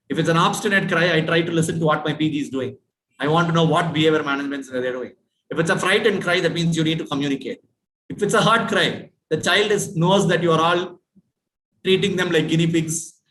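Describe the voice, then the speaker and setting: A man's voice: on the high side, a bit bright, a little hiss or hum. Indian male dental lecturer, echoey room. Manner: questioning, repeats points, asks students. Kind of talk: classroom lecture.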